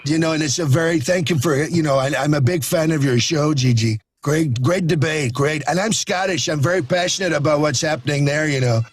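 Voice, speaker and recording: A man's voice: a little high, brisk, hardly any pauses, slightly rough. A man voicing a brash, boastful older American tycoon politician in a comedy jingle, rambling and self-praising. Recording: music bed behind.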